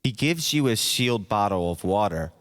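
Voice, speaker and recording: Male narrator, low voice, slow hypnotic parody delivery, long echo tail. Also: lively intonation. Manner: slow, soft, second-person hypnotic narration. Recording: long hall reverb.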